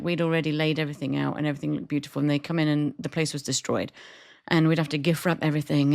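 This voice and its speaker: A British woman with a low, gravelly voice co-hosts a café podcast, telling stories in casual conversation and laughing often.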